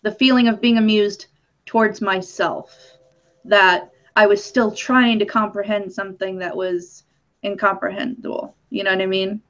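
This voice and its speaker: A woman chatting casually as a guest, rambling and halting, with lots of fillers. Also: mid-range voice, steady tone, fairly bright tone. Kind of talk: casual chat. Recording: dull lo-fi audio.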